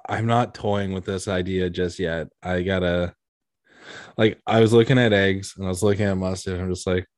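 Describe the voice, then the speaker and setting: A man's voice: low voice, moderate pace, no room sound, studio quality. Rambling, incredulous man in casual chat. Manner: rambling, incredulous, animated riffing. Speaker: podcast co-host.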